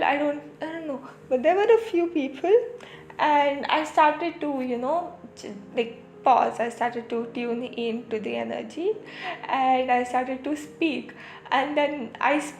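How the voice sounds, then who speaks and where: A woman hosting a podcast, talking in a rambling, reflective way full of fillers and restarts, and easing into a slow, soothing tone. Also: high voice, roomy sound, a little hiss or hum. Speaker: podcast host. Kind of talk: reflective spiritual talk.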